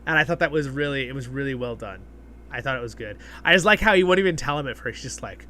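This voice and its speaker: A fast-talking livestream host with a medium-pitched, pushed, bright voice chats casually with viewers. He reads their comments aloud and rambles along with fillers and restarts.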